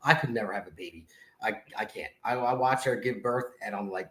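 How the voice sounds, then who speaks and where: A man's voice: medium pitch, normal speed, pushed and bright. Joking middle-aged man with a Jersey accent. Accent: New Jersey. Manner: joking, teasing, playful storyteller. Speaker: podcast host. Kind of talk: casual podcast banter. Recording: echoey room.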